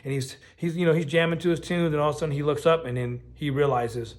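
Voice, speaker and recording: A middle-aged man telling a true story in a casual, animated way, swearing often and restarting his sentences. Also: a little high, fast talker. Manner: animated, profane, lots of restarts and fillers.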